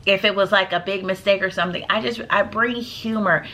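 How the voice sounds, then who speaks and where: Bright-voiced chatty woman teacher. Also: medium pitch, fairly even intonation, a little fast. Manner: chatty, emphatic, addresses viewers as "y'all". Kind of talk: casual advice vlog.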